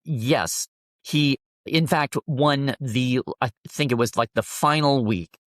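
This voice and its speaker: A man as an interview guest, telling a heartfelt personal story in an earnest, halting way, often restarting his sentences. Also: medium pitch, no room sound, studio quality.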